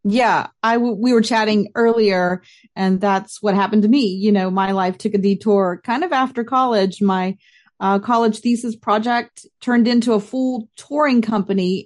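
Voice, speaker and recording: A woman's voice: medium pitch, normal speed, darkish tone. A middle-aged woman, a professional dancer, hosting a podcast with an upbeat manner and a sprinkle of Italian greetings. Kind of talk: scripted podcast intro and casual interview.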